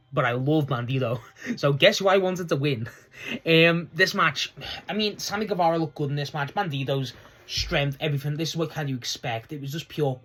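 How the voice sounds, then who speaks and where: An excitable young man with a somewhat high voice chats casually through a wrestling recap. He rambles, restarts his sentences and breaks into laughter often. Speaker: wrestling show reviewer.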